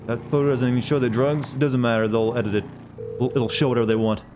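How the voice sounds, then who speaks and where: An American man streaming a game, chatting in a relaxed way and swearing casually. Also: mid-range voice, fast, noisy background. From United States. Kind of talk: casual gameplay commentary.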